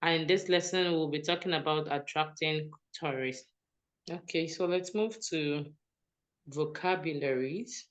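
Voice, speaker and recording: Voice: medium pitch, unhurried, a bit bright. An English teacher leading an online language class, guiding students with friendly, easygoing prompts.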